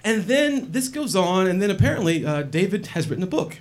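A man telling a personal story in a wry, animated and profane way. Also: high voice, brisk, hardly any pauses. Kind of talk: personal story told to an audience.

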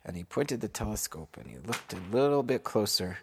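A man improvising a bedtime story for his children, unhurried and asking them questions along the way. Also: on the low side, sing-song, creaky, darkish tone, slight background noise.

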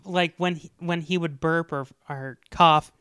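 Guy cohosting a podcast, smooth clear voice, dry close sound, keeps doing big silly quote voices. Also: fairly high pitch, unhurried, dry recording. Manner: animated, quotes lines in loud exaggerated voices. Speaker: podcast co-host. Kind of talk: casual chat.

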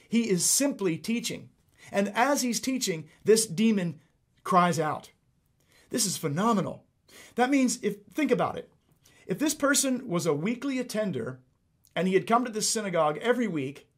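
A man preaching a sermon, emphatic and animated, repeating points for emphasis. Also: sits high, normal speed. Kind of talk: sermon teaching.

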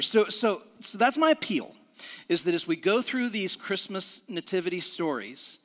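A man's voice: high voice, big pitch swings, moderate pace, fairly bright tone, big-room sound. A middle-aged man preaching a sermon in a church, talking conversationally with restarts and questions to the room. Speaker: pastor. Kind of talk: sermon with a personal story.

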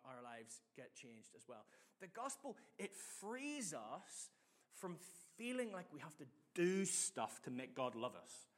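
The voice of this middle-aged man sits high as he preaches an energetic, talkative sermon. Along the way he tells stories from his own life and gets his listeners going in call-and-response.

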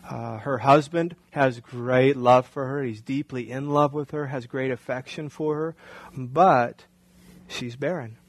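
A male pastor preaches a sermon conversationally, often putting rhetorical questions to the congregation. His mid-range voice comes through on a low-quality recording.

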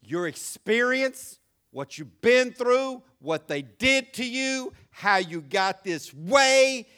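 A male pastor preaching a sermon, animated, moving from soft asides to shouts. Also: very high-pitched, clean tone.

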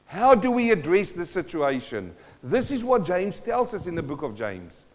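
High-voiced preacher in a reverberant hall. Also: male voice, very animated, normal speed, darkish tone. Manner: emphatic preaching with repeated phrases and rhetorical questions. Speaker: pastor. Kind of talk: sermon. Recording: dull sound with long hall reverb.

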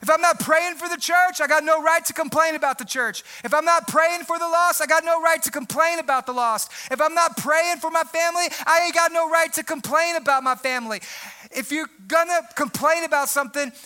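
A young adult man preaches a sermon, loud and emphatic, often shouting his points. His voice sits very high. It has a sharp, piercing edge. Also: brisk. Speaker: pastor.

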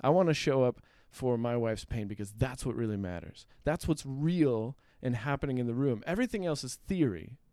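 A man's voice: mid-range voice, lively intonation, normal speed, few pauses, mellow, no room sound, studio quality. A man who hosts as a couples therapist, talking in a reflective, affirming way and often murmuring agreement. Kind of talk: warm conversational podcast talk.

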